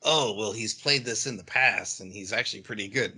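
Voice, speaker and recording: A man's voice: on the low side, moderate pace, bright, forceful tone, slightly rough. A man co-hosting a podcast, chatting casually and reflectively. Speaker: podcast co-host. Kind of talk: casual discussion.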